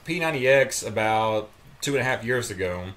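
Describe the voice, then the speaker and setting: A man's voice: on the low side, expressive, a little fast, fairly bright tone. A man chatting as a guest, rambling with many restarts. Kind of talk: casual chat.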